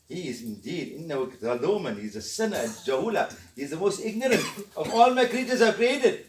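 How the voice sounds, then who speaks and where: A middle-aged man gives an emphatic religious lesson and breaks into chanted recitation between his explanations. His voice sits high and he talks at a rapid clip. He is recorded from some distance in a roomy, echoing space. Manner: emphatic, excitable, alternates Arabic recitation with explanation. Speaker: Quran study teacher. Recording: echoey room, mic at a distance.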